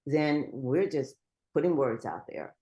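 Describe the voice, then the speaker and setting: Low-voiced encouraging woman speaker. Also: lively intonation, slow pace, warm tone, dull audio. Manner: encouraging, earnest. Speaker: guest speaker. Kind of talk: motivational talk.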